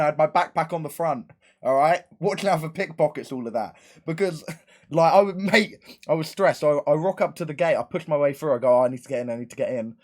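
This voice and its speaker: A man, a live streamer telling a casual story to his chat, rambling fast and acting out quoted lines with plenty of swearing. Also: a little high.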